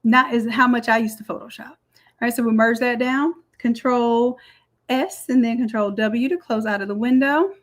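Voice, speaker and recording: A woman walking through a design software tutorial step by step in a chatty, explaining way. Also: a little high, normal speed. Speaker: design instructor. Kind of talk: screen-recorded software tutorial.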